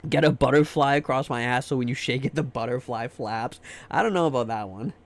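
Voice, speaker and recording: A man's voice: medium pitch, a little fast. A man streaming live, chatting casually and joking with his viewers, often trailing off into repeated fillers.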